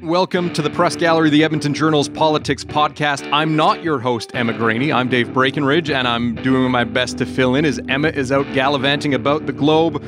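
A man's voice: on the high side, steady tone, brisk, hardly any pauses, music in the background. A man filling in as host of a casual politics podcast, joking around and talking loosely with plenty of fillers.

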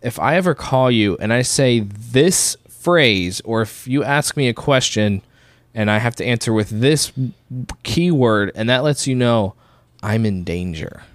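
A man's voice: mid-range voice, expressive, measured pace, no room sound. A young man co-hosting a casual podcast, rambling with lots of fillers and acting out quotes. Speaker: podcast co-host.

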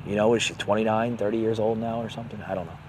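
A man's voice: on the low side, fairly even intonation, racing, a little mellow, slight background noise. A man hosting an unscripted opinion podcast, talking in a heated, repetitive way, full of "you know.". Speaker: podcast host.

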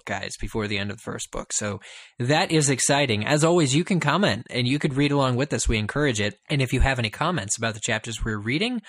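A man's voice: medium pitch, a bit bright, no room sound. Man podcast host, upbeat plugs, mid voice, dry room. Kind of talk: casual chat with show announcements.

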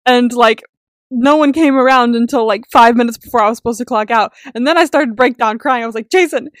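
Young woman, high voice, dry close sound, casual podcast chat, animated storyteller. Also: brisk, dry recording. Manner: animated storytelling, swears freely, laughs often. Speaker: podcast co-host.

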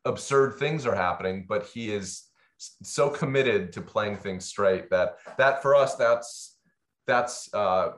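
A man's voice: on the low side, takes it slowly. A man, a film co-director, talking thoughtfully in a casual interview, with plenty of fillers and hesitations.

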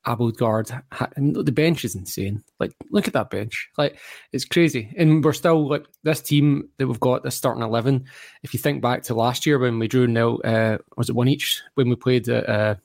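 A man's voice: medium pitch, normal speed, gravelly, no room sound, studio quality. A man from Perth, a guest on a football podcast, talking eagerly and rambling with restarts. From Australia. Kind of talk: casual football podcast chat.

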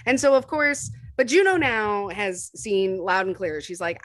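A woman's voice: medium pitch, moderate pace, few pauses, no room sound. A woman co-hosting a casual film podcast, retelling scenes animatedly and laughing often. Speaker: podcast co-host.

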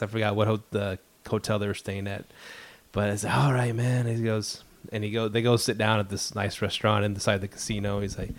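A man's voice: on the low side, fairly even intonation, fast. A man co-hosting a podcast, chatting casually and telling a story with frequent laughs. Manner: laid-back storyteller, laughs often. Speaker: podcast co-host. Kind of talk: casual chat.

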